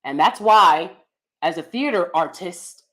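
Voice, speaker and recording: A woman's voice: fairly low pitch, expressive, unhurried, a bit bright. An American woman with a regional accent that slips in and out of neutral speech, giving emphatic opinion commentary to her viewers. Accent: American regional accent mixed with neutral speech. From United States. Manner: emphatic, lecturing, repeats points with "okay?". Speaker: commentary vlogger.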